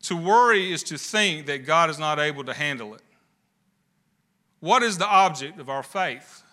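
Bright, high-voiced preaching man. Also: expressive, normal speed. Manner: preaching with rising emphasis and rhetorical questions. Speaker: pastor. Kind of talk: sermon.

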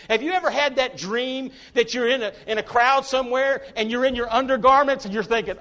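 A man's voice: extremely high pitch, quick pace, few pauses, fairly bright tone. A man delivers a sermon. He preaches in an emphatic, folksy way, breaking into jokes between quoted verses. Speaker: pastor.

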